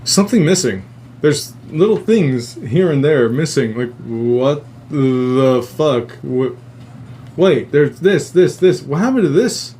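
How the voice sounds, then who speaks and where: A man hosting a live stream, casually retelling a story in a rambling, animated way and swearing a lot. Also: on the high side, a little slow, slight background noise. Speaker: livestream host.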